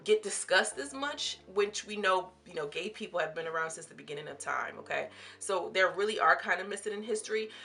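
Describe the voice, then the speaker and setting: Her voice is on the low side yet bright, with a forceful tone, as this young vlogger chats emphatically about a series. She talks straight to her viewers and calls them sis and girl in her casual commentary.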